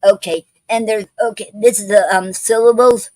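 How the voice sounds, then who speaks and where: A woman's voice: medium pitch, steady tone, moderate pace, a little mellow, dry recording, rough recording. A woman hosting an online poetry show, talking casually with many ums, restarts and repeated okays.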